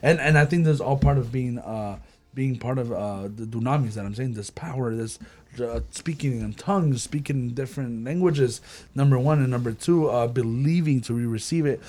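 A man's voice: medium pitch, moderate pace. A man hosting a casual faith discussion with young people, who acts out the voices of the people he quotes. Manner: animated, acts out quoted speech.

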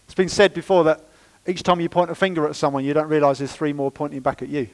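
A man delivers a sermon in church with a fairly high voice. He preaches in a lively, chatty way and drops playful asides to the congregation. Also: fast talker, poor audio. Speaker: pastor.

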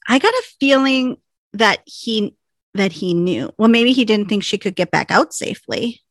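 A woman's voice: medium pitch, very animated, normal speed, no room sound. A woman co-hosting a casual chat, recapping scenes with quoted lines and a wry tone. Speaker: podcast co-host recapping a TV episode.

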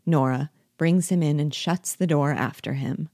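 Low-voiced woman reading a play aloud. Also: normal speed, hardly any pauses, no room sound, clean studio sound. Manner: clear, even stage-direction reading. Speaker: reader and guide.

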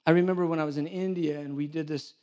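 A man preaching a sermon to a live church audience, animated storytelling with self-deprecating humor. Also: on the high side, quick pace.

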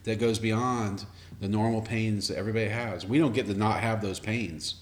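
A man's voice: on the low side, fairly even intonation, moderate pace. A man hosting a casual faith conversation, reflective and thinking aloud. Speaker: host.

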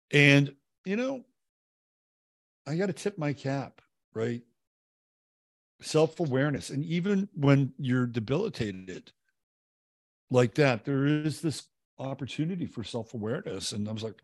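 A man's voice: medium pitch, expressive, unhurried, long pauses, no echo, clean studio sound. A man hosting a casual livestream, chatting loosely and reading viewer comments, rambling with many fillers and restarts and casual swearing. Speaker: livestream host. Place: home, living in Texas.

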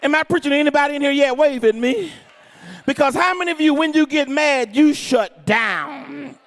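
A male pastor preaching a sermon in a church, telling stories, swinging from shouted lines to quiet asides. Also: extremely high pitch, normal speed. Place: church sanctuary with congregation.

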